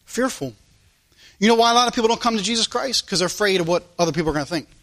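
Male preacher, high bright voice, church sermon that swings between loud and quiet. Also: rapid-fire. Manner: preaching with sudden rises and drops in loudness. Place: church service.

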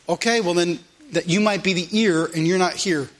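A man's voice: sits high, moderate pace. A man pastor, preaching a sermon in a church in an earnest, conversational way full of asides and repeated phrases. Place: church sanctuary.

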